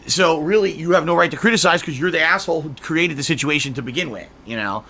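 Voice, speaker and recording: A man's voice: on the high side, fast talker, hardly any pauses, pushed and bright. A man streaming a game, ranting angrily and profanely at his viewers. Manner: angry, profane, mocking.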